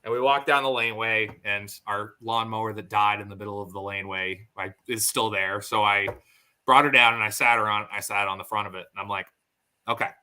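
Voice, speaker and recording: Bright-voiced man telling animated stories. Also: fairly low pitch, brisk. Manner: animated storyteller acting out quotes. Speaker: podcast host. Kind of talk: casual podcast chat.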